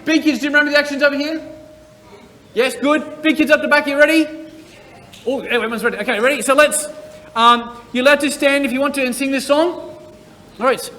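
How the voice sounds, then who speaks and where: A man's voice: extremely high pitch, steady tone, fairly quick, pauses often, pushed and bright. A man leading a children's church service, reading scripture and playfully teaching song actions. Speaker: church worship leader. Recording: church hall with long reverb.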